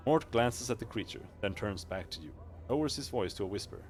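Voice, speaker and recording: A male streamer reading video game text aloud, quick and stumbling over words now and then. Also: on the low side, animated, soft background music.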